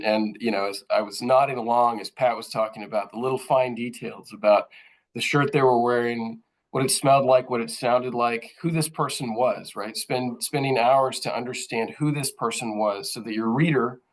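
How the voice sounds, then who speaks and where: A man's voice: medium pitch, steady tone, moderate pace, low-quality recording. A man, a journalist giving a thoughtful, earnest presentation to other journalists, with frequent fillers and restarts. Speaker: journalist speaking at a training session.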